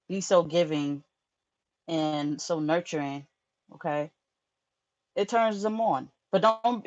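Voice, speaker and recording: A woman's voice: low voice, highs cut off. A woman hosting a live tarot stream, chatting casually with viewers in a frank, profane way, often laughing.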